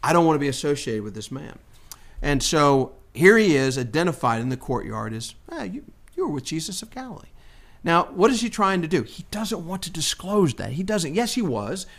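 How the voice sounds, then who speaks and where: A man hosting a Bible discussion, teaching conversationally and acting out the quoted lines. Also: normal speed. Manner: animated, acts out quotes with rising pitch. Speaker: Bible study host.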